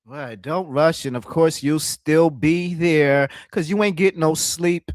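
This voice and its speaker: A man's voice: a little high, slow pace, no room sound, studio quality. A man doing casual live-stream reaction commentary, loose and profane, often mimicking the voices in the clips he plays.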